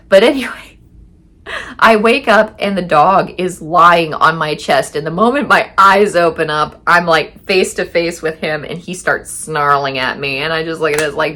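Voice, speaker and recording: A young woman telling a candid, profane personal story in casual chat, with halting restarts and quoted asides. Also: low voice, sharp tone.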